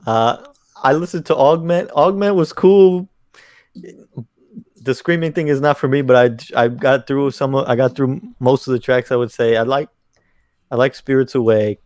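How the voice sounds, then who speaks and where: A man of middle pitch chatting on a podcast in a halting, slangy way, restarting his sentences often. The recording is close and dry. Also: darkish tone, dry recording. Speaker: podcast co-host. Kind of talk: casual chat.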